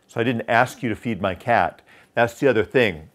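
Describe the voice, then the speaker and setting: A man with a lowish voice gives a sales training lesson. He talks in an instructive way, slowing down to stress key phrases and letting his pitch drop to show how a commanding voice sounds. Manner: demonstrates tonality with dropping pitch, slow emphatic phrases. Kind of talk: instructional talk.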